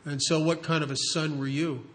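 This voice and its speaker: Middle-aged guy telling a story, earnest, stops and restarts a lot, kinda high voice. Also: level tone, moderate pace. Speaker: recovery sponsor telling a story. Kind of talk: storytelling talk.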